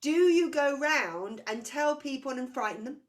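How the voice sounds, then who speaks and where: A woman's voice: high voice, expressive, a little slow. A woman giving a past-life reading to a client, talking intensely and circling back as she searches for words. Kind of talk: spiritual reading session.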